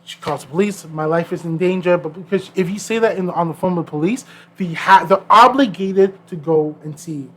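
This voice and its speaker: Animated male podcast storyteller. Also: sits high, moderate pace. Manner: animated storyteller acting out quoted people. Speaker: podcast co-host. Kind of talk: casual storytelling chat.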